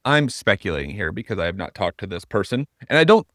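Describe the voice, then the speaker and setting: Earnest low-voiced man co-hosting a podcast. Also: very animated, fast talker, a bit bright, no room sound, clean studio sound. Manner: earnest, thinks aloud with restarts. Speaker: podcast co-host. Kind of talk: casual podcast conversation.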